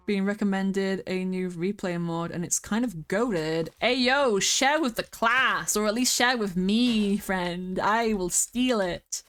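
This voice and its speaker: A young woman with a British accent chats away on a casual game stream. Her voice sits at a middling pitch. She rambles from one thought to the next and giggles easily. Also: unhurried, hardly any pauses, a bit bright. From Britain. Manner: chatty and rambling, giggles often; sings along to music at times.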